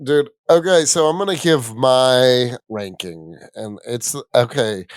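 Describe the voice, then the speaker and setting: A man's voice: mid-range voice, slow pace, no room sound, studio quality. A man co-hosting a casual podcast chat, swearing and laughing as he talks. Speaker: podcast co-host.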